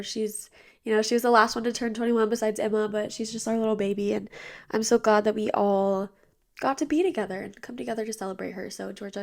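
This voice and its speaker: In a bedroom with the blinds drawn, a young woman in her twenties hosts her own podcast, chatting casually and bubbly about her weekend. Her mid-range voice has a darkish tone and sounds tired and a little nasal.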